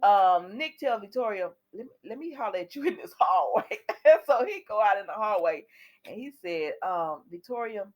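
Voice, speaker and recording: A woman's voice: mid-range voice, lively intonation, normal speed. A woman recapping a soap opera episode for her viewers in a chatty way, retelling the scenes and quoting what the characters say. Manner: talks directly to viewers.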